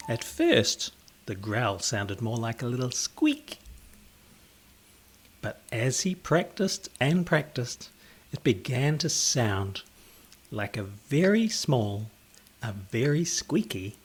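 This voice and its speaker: A man reading a children's picture book aloud in an expressive, theatrical way. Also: medium pitch, slow pace, long pauses, faint music behind. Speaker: storyteller.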